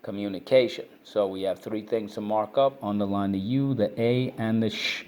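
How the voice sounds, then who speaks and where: Man drilling phonics, low voice. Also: darkish tone, clear, resonant tone. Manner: brisk, repetitive drilling, prompts and praises listeners. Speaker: phonics teacher. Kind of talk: online reading lesson for kids.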